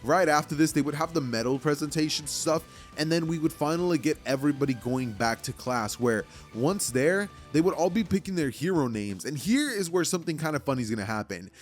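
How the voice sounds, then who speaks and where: A man's voice: fairly high pitch, expressive, fairly quick, few pauses, faint music behind. A man casually telling a fan-made story, rambling and filling with "like" and "you know".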